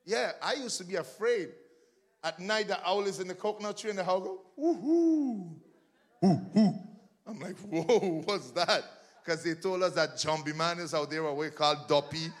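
A man preaching a sermon as pastor, building fervently to shouted refrains between joking asides to the congregation. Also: high voice, fairly quick.

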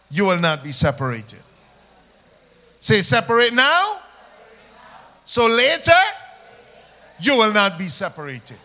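High-voiced, forceful preacher. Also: male voice. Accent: Jamaican. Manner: call-and-response preaching, rising and falling emphasis. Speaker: pastor. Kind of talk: sermon.

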